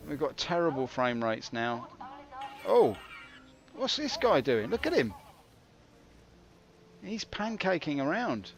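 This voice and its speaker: A British man giving wry, rambling commentary while streaming a game. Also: mid-range voice. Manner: wry, rambling, self-mocking. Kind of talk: casual livestream commentary. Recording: dull lo-fi with faint hiss.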